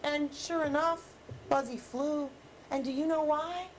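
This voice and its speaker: High, sing-song woman author coaxing a group of kids, faint room hum. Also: measured pace. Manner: animated, coaxing, asks kids questions. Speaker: children's book author. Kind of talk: talking with young children about a picture book. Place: television studio with children.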